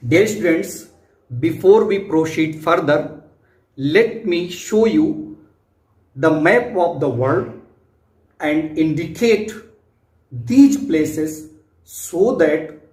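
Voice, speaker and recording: A man with an Indian English accent, teaching an English lesson slowly and patiently, repeating points for his students. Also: fairly high pitch, darkish tone. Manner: slow, repetitive explaining, addresses students directly. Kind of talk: classroom lecture explaining a text. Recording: roomy echo.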